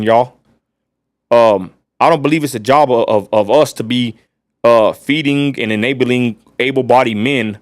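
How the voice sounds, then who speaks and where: A man's voice: medium pitch, dry recording. A man with a West Texas accent hosting a casual livestream, ranting bluntly and talking straight to his viewers. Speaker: livestream host.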